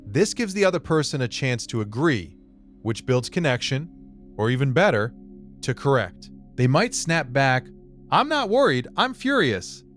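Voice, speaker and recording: A man narrates a scripted self-help piece in a middle-pitched voice that rises and falls with lively variety. He speaks in a measured, deliberate way and leans on dramatic pauses. Quiet music plays faintly underneath him.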